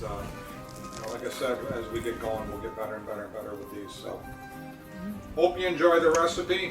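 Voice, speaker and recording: Man, rambling home cooking host, far from the mic, echoey room, music underneath. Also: mid-range voice. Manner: rambling, loose, with restarts. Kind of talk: casual chat over a meal.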